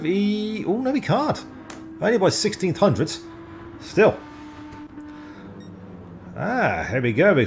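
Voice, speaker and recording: A man giving live, rambling commentary on an online sim race, excitable and often stumbling over driver names. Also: mid-range voice.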